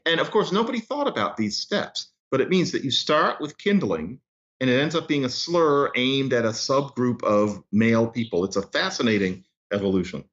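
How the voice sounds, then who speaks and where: A man who is an author and linguist, explaining things in an animated, storytelling way as a podcast guest. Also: mid-range voice, moderate pace, highs cut off. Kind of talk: explanatory interview talk.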